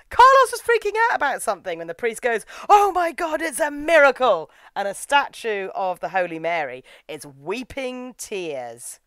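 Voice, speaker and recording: A woman casually recapping an anime episode, animated and acting out the characters' lines as she tells it. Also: deep voice, clear, resonant tone, no echo. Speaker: podcast co-host reviewing anime.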